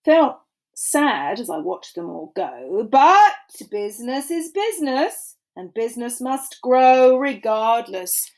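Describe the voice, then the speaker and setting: Woman reading a kids book out loud, slow and expressive, kinda high voice. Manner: animated, drawn-out storytelling. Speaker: storybook reader. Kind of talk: expressive children's read-aloud.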